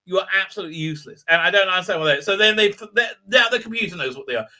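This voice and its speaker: A man talks through an episode in a loose, rambling live-stream commentary, full of fillers and restarts. His tone stays scornful, and his voice is very bright and sits a little high for a man. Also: lively intonation, racing. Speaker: show host reviewing an episode.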